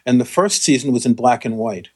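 A man's voice: medium pitch, fairly quick, a little mellow, breathy edge. Guy cohost explaining stuff, lots of ums, kinda wry. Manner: explanatory, with fillers and restarts, wry. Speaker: co-host. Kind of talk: casual chat.

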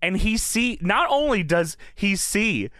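A man co-hosting a casual podcast, excitedly recapping wrestling, laughing and swearing as he acts out quotes. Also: high-pitched, measured pace, no echo, studio quality. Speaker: podcast co-host.

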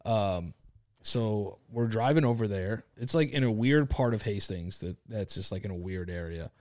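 A man's voice: on the low side, moderate pace, a little mellow, dry recording, studio quality. A young man co-hosting a podcast, telling a story in rambling, slangy casual chat full of filler words. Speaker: podcast co-host.

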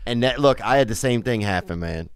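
A man on a podcast, telling stand-up road stories in a casual, animated, slangy way. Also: mid-range voice, brisk, clear, resonant tone. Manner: animated, slangy, peppered with "bro" and "dude". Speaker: comedian on a podcast. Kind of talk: comedic storytelling in casual chat. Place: podcast studio.

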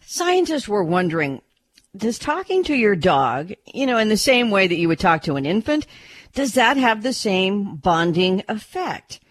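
A woman's voice: on the low side, no echo. A woman reading a radio news update about pets in a chatty, informal way and breaking into light laughs. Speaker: news reporter.

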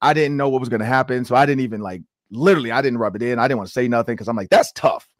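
A man in his forties hosting a sports podcast, telling stories in a casual, animated way with lots of "like". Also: mid-range voice, very fast, no room sound, clean studio sound. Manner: animated storytelling with many "like"s. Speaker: show host and former coach.

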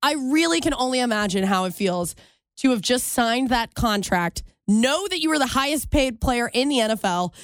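Chatty woman radio co-host, high voice. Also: moderate pace, slight background noise. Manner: playful, chatty, gets animated. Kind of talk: casual radio show banter.

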